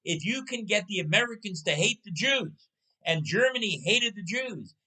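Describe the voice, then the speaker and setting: A man's voice: sits high, animated, normal speed, pushed and bright, poor audio. A man in his sixties hosting a casual talk show, telling stories and putting rhetorical questions to his listener. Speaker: podcast host. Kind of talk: casual storytelling chat.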